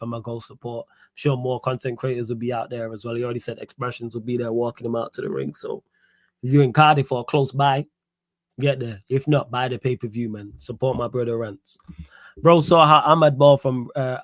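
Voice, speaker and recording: A man's voice: medium pitch, dry recording. Young male host, casual slangy football talk, dry close mic. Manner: casual, slangy, laughs and riffs while reading comments. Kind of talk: solo football Q&A livestream.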